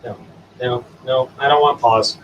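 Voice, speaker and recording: Guy talking to his dogs on a stream, slow and bouncy, kinda far from the mic. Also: steady tone. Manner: coaxing commands to dogs, sing-song high bursts. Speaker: stream host. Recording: distant from the mic. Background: dogs, faint room noise.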